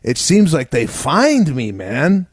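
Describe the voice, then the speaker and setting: A man's voice: on the high side, wildly swooping pitch, slow pace, dry recording. A man co-hosting a comedy podcast, chatting casually in a wry, teasing way. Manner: wry, teasing, mock-incredulous. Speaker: podcast co-host.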